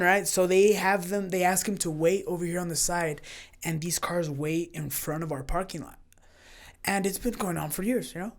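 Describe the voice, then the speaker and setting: A man talks on a podcast as a guest, casually recounting a run-in at his gym. He tells it in a lively way, slipping into the voices of the people he quotes. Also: high-pitched. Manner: animated storyteller who acts out quoted exchanges. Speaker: podcast guest, jiu-jitsu gym owner and coach.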